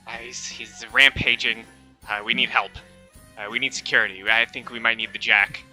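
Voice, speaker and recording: A man's voice: mid-range voice, steady tone, moderate pace, sharp tone, faint music behind, low-quality recording. A man voicing a small, anxious gnome in a lion tamer's outfit, speaking hesitantly. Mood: worried.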